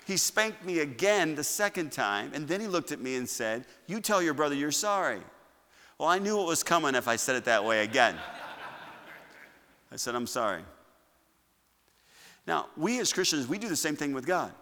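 Bright-voiced preacher man, echoing church. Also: on the high side, sing-song, normal speed. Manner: preacherly, swings between loud declarations and quiet asides. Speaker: pastor. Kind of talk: sermon. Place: church sanctuary. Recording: long reverb of a church hall.

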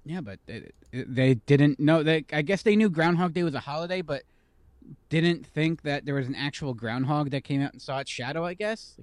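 A man co-hosts a casual podcast with an easygoing, chatty delivery. His voice sits a bit higher than most men's. The sound is dry and close. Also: moderate pace, no room sound. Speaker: podcast co-host. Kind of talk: casual chat.

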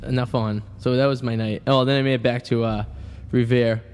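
A man's voice: mid-range voice, fairly even intonation, fairly quick, a little mellow, big-room sound, a little hiss or hum. A man co-hosting a radio talk show, telling rambling stories full of "uh" and restarts. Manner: rambling storyteller, trails off with uh. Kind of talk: casual banter. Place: small radio studio.

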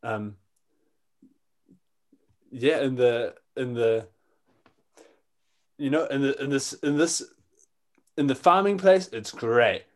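A man's voice: medium pitch, slow, pauses often. Rambling man. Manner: rambling, hesitant, relaxed. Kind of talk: improv exercise storytelling.

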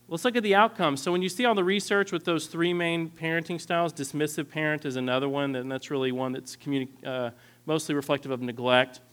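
A man in his thirties giving a candid, earnest lecture on parenting styles, often clearing his throat. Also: fairly high pitch, fairly bright tone. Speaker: parenting instructor.

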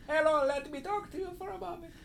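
A man's voice: extremely high pitch, brisk, gravelly, crowd noise. A man voicing a pompous male theologian with a put-on Italian accent, speaking in an earnest, preachy way. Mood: mock-solemn. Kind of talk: comedic role-play.

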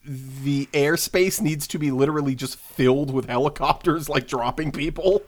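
A man's voice: fairly high pitch, normal speed. A man co-hosting a casual movie podcast, recapping the plot in an easygoing way with many ums. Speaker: podcast co-host. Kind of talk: casual comedic movie chat.

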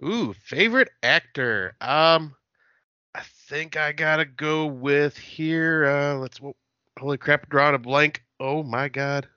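A laid-back man chats as a podcast guest, spinning loose stories full of swearing and quick laughs. His voice is bright and forward. The sound is dry, with a slightly dull, muffled call quality. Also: fairly high pitch, smooth, no echo. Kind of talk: casual podcast chat.

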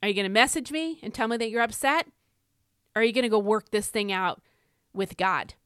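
A middle-aged woman hosting a faith podcast, delivering an emphatic, preacherly exhortation that swells into shouts. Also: fairly high pitch, fairly quick, clear, resonant tone, dry recording, studio quality. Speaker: podcast host. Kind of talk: fiery devotional exhortation.

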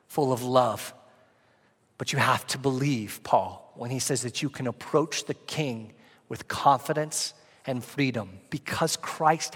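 A fairly high-voiced man preaches a sermon in a church sanctuary. He talks earnestly, telling stories and climbing in pitch and force as he builds. A long reverb hangs behind his voice. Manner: earnest, storytelling, rising in pitch and volume when excited. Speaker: pastor.

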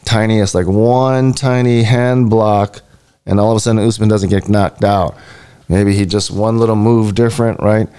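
A man's voice: fairly low pitch, warm tone, clean tone. A man co-hosting a live podcast, chatting casually in a loose, rambling way with lots of fillers. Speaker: podcast co-host.

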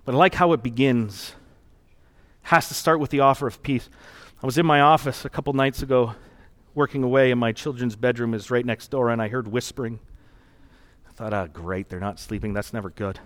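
Male pastor, mid-pitched voice, preaching in a relaxed, earnest storytelling way. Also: a little fast. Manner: conversational, earnest, reflective storytelling. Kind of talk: sermon.

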